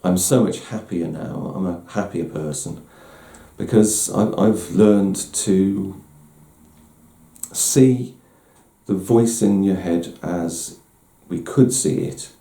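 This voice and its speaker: A man's voice: deep voice, slow, warm tone. A middle-aged man giving a candid, self-deprecating personal talk as host, often restarting his words. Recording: roomy echo.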